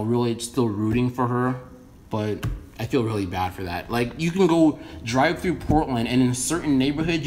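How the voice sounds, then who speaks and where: Blunt, swearing American man ranting. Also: a little high. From United States. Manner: profane, blunt and rambling, swears constantly. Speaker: vlogger. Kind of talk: casual opinion rant to camera.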